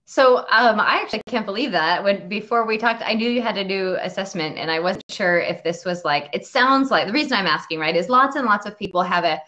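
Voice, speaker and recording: A woman hosting a casual video interview, talking in a chatty, halting way with many fillers, restarts and frequent laughs. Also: medium pitch, pushed and bright, muffled recording. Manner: laughs often while talking. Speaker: interview host.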